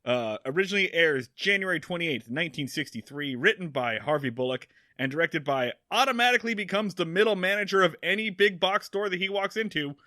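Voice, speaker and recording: A man co-hosting a comedy podcast, talking excitedly in casual chat and swearing freely. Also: high-pitched, brisk, hardly any pauses, no echo. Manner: excitable, swearing, jumps into silly quotes. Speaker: podcast co-host.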